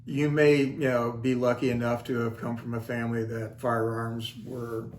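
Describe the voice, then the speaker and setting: A man's voice: medium pitch, little pitch movement, normal speed, slight background noise. An older man hosting his own channel, telling a story in a wry, self-deprecating, folksy way. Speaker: channel host. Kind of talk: casual storytelling vlog. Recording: roomy echo, faint ambience.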